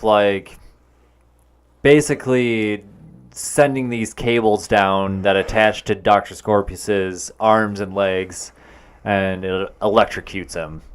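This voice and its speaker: A man talks through a film's plot on a podcast in a relaxed, casual way. He speaks slowly, pausing often with "um" and "uh". His voice is smooth and clear and sits a little low. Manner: unhurried, hesitant with many fillers. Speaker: podcast co-host. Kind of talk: casual movie recap chat.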